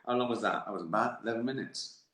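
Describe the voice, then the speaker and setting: A man's voice: medium pitch, fast talker, a bit bright, reverberant. A man chatting on a livestream, rambling from joke to joke, swearing freely and laughing at his own lines. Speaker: comedian answering viewers on a livestream. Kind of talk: casual livestream chat.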